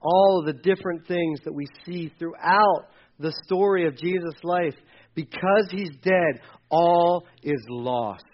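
A man preaching a casual sermon, acting out quotes with sudden loud bursts and quiet drops. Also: fairly high pitch, slow pace, muffled recording. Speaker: pastor.

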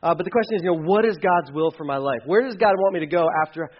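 Man, pastor, sermon, higher voice, animated, dull lo-fi recording. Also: fast, breathy edge. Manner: animated, acts out quoted voices, swings loud and quiet.

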